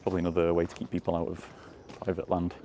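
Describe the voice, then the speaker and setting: Out in the countryside, strolling fields and lanes, this man keeps up rapid-fire, rambling walking commentary with chuckles. His low, mellow voice stays completely flat. The sound is lo-fi with a little hiss or hum.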